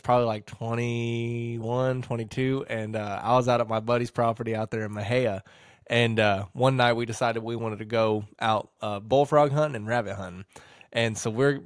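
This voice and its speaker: A man of middling pitch spins a hunting yarn in an easygoing way, with "uh"s and a bit of cussing along the way. The sound is dry and close, with no room echo. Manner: laid-back storyteller with fillers and mild swearing. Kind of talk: casual hunting podcast storytelling.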